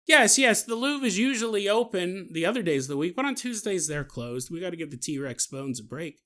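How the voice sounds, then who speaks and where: Animated, jokey male podcast storyteller. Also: sits high, fairly quick, hardly any pauses. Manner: animated, jokey, laughs at his own asides. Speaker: podcast host. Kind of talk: comedic storytelling narration.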